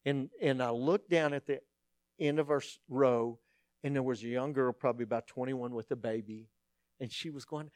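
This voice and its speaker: A middle-aged man, preaching a sermon as a pastor and telling stories in an animated, humorous way. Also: medium pitch, moderate pace, no echo, studio quality.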